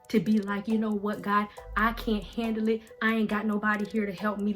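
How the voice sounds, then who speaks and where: A woman vlogger giving faith-based motivational talk, emphatic and preachy, in casual slangy phrasing. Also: on the high side. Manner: emphatic and preachy, swinging between soft and loud. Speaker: vlogger giving life advice.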